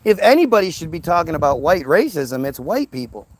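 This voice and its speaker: A man's voice: a little high, sing-song, brisk. A man ranting into the camera in a heated, profane monologue, stammering and repeating words. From United States. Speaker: vlogger.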